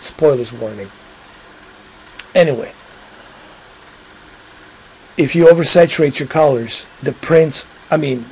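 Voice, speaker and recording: A man's voice: medium pitch, a little mellow, a little hiss or hum, poor audio. A man hosting a livestream, chatting casually and rambling to his viewers, swearing now and then. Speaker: livestream host.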